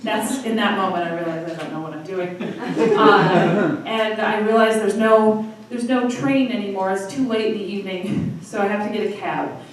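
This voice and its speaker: A woman in her thirties from Michigan hosting a live storytelling night, telling a personal story in a chatty, self-deprecating way with quick asides. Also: mid-range voice, recorded from a distance. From Michigan, USA. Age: 30s. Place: live storytelling venue with audience. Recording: echoey room from afar, faint noise.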